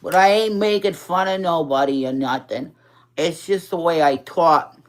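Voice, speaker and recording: Here a drag performer in their forties chats loosely on a livestream, voice pitched in the middle and moving at a moderate speed. Their New York accent comes with a slight impediment, and the profane, wandering talk sometimes slips into a childish tone.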